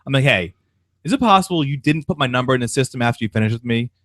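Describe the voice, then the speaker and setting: A man's voice: medium pitch, racing, no room sound. A young man on a sports talk show, telling a long story in casual chat and acting out the people in it. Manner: animated anecdote-telling, acts out quoted voices. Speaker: podcast co-host.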